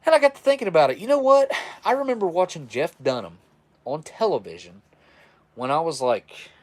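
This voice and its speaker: A man's voice: on the high side, big pitch swings, a little fast, no echo. Folksy self-described redneck man. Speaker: livestream host reviewing military rations. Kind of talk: casual livestream chat.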